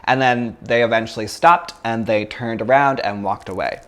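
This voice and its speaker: A man's voice: medium pitch, moderate pace. Chatty male yoga teacher. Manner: chatty, loose storytelling with many fillers. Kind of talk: casual talk to a yoga class.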